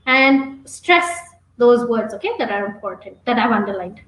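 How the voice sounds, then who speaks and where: A woman's voice: a little high, normal speed, a bit bright, echoey room, poor audio. A woman teaching an online exam-prep webinar, coaching students and checking in with a frequent "okay?".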